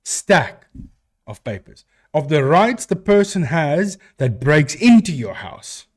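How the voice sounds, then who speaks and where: A man's voice: on the high side, very animated, unhurried, a little mellow. A man from South Africa with a South African accent, a live stream host chatting casually and answering viewers with rambling restarts.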